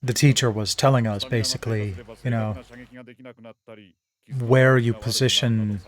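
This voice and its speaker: With a mid-range voice and steady tone, this streamer talks at a measured pace during casual gameplay commentary. He adopts a fake British-leaning accent and rambles, full of fillers and false starts.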